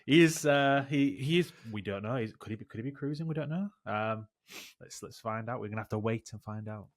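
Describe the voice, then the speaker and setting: A man co-hosting a podcast in casual, jokey banter, quick to agree and riff along. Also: fairly low pitch, fairly even intonation. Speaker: podcast co-host. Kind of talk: casual chat.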